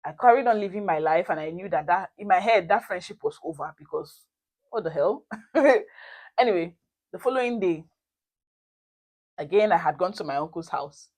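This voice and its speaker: A young woman, talking straight to her viewers in a casual storytime vlog. Her voice sits on the low side, and her delivery is animated and expressive, full of emphasis. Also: normal speed, pauses often. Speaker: vlogger.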